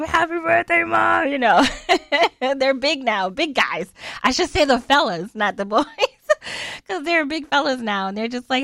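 A woman in her forties telling a personal story in a casual monologue, chatty and animated, laughing often. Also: medium pitch, no echo.

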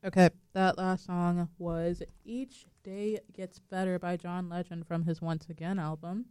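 A woman's voice: lowish voice, little pitch movement, a little slow, dark tone, clean tone, no room sound. A young woman hosting a student radio show, chatting casually and laughing often with her co-hosts. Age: young adult. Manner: chatty, giggly, prone to laughing. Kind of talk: casual chat.

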